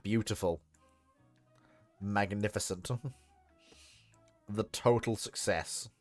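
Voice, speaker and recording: This man's voice is fairly low and fairly even in intonation, and he talks slowly over soft background music. He's streaming a naval strategy game with casual commentary, laughing often, swearing, and putting on mock dialogue.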